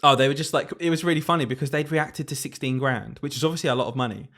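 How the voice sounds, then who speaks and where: A young man telling a story in casual podcast chat, animated and laughing often. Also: medium pitch, racing. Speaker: podcast co-host, teacher.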